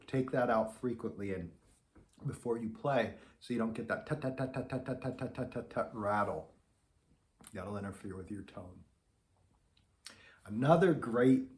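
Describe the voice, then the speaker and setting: A man's voice: on the low side, darkish tone. A man teaching beginner trombone in an easygoing, conversational way, demonstrating as he explains. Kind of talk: relaxed instructional talk to camera. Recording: echoey room.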